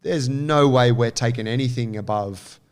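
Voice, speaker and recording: A man, co-hosting a casual chat and telling an animated, sweary story. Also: mid-range voice, moderate pace, clean tone. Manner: animated storyteller, swears freely, acts out quotes. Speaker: podcast co-host.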